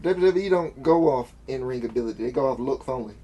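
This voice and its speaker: A man co-hosting a casual podcast, telling stories with an animated, rambling manner. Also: medium pitch, fast talker, slightly rough, muffled recording. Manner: animated storyteller, trails off and restarts. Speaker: podcast co-host. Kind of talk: casual chat.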